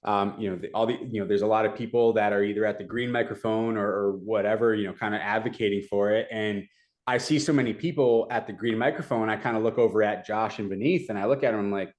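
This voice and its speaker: A young adult man, a community advocate, retelling events in a casual, animated way with many fillers. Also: fairly low pitch, fairly quick. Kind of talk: casual storytelling.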